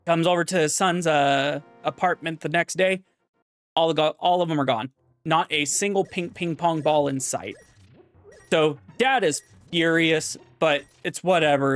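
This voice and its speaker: A man streaming as he tells a long, winding joke, full of fillers and self-corrections. His voice sits slightly higher than the average man's. Faint music plays behind him. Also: fairly even intonation, moderate pace, dry recording.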